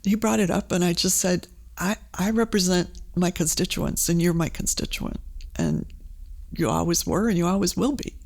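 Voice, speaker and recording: A middle-aged woman from Maine, a guest in an interview, telling personal stories in a casual, animated way with many fillers and restarts. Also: fairly low pitch, moderate pace, gravelly. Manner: animated, frequent fillers and restarts, acts out quoted voices. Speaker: guest, advertising agency CEO and former state representative.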